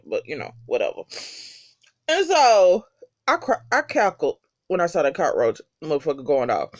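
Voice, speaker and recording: A vlogger recaps a TV episode in an unscripted, casual way, cursing freely and using plenty of slang. The intonation is lively and jumps up and down often. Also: mid-range voice, normal speed. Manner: animated, heavy swearing, slangy. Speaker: TV episode reviewer.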